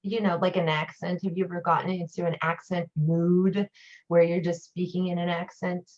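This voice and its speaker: A guest teacher who is an occult priestess chats casually, rambling through stories in a low, slightly mellow voice with a flat delivery and moderate pace. The recording sounds dull and lo-fi.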